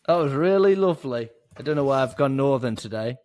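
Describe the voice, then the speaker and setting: A man's voice: mid-range voice, expressive, a little fast, darkish tone, dry recording. A man with a London accent co-hosting a podcast, chatty and joking, often restarting his sentences. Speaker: podcast co-host. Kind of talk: casual chat.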